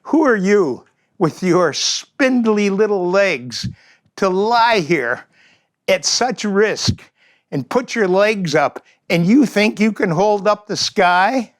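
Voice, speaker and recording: A man's voice: sits high, sing-song, unhurried, fairly bright tone, clean tone, voice pushed up, full character voice. A man putting on a mocking bird of prey. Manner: incredulous, taunting questions.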